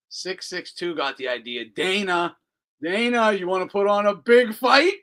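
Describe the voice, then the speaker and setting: A man's voice: high voice, measured pace, a bit bright. A man hosting a casual live commentary stream, profane and mocking, laughing often. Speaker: host.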